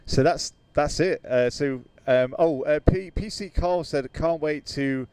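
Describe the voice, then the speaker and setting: A man's voice: fairly high pitch, a little slow, darkish tone, smooth. A British man hosting a flight sim livestream in casual chat, hesitant with many fillers, reading out viewer comments and laughing easily.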